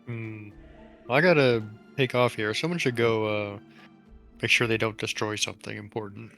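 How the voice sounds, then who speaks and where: A man's voice: fairly low pitch, fairly even intonation, normal speed, gravelly, fairly bright tone, faint music behind. A man playing a tabletop game, making wry, joking asides. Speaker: player. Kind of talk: casual tabletop play.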